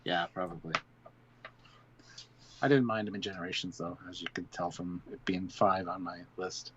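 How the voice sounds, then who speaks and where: A man's voice: sits low, steady tone, normal speed, a bit bright, a little hiss or hum. Guy chatting on a livestream, trips over his words a lot, kinda muffled lo-fi audio. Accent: British. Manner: rambling, repeats words while searching. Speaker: co-host. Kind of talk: casual live-stream film discussion.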